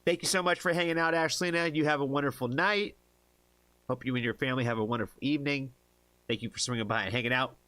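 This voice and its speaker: A man's voice: medium pitch, steady tone, fast talker, bright, forceful tone, dry recording. A man from the United States hosting a casual livestream, chatty, laughing often and tripping over hard names. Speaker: livestream reaction host.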